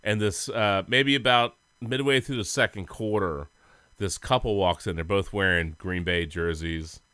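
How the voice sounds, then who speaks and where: A man's voice: fairly low pitch, unhurried, sharp tone, clean tone, no room sound. A man co-hosting a sports podcast, telling rambling, goofy stories in casual chat and laughing often. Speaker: podcast co-host.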